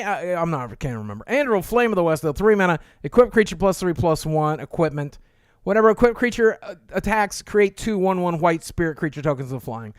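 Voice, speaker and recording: Guy streaming a card review, high lively voice, reads cards out and chats with viewers. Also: clear, resonant tone, no echo, studio quality. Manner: reads card text aloud, chatty asides, thanks viewers. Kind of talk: casual live-stream commentary.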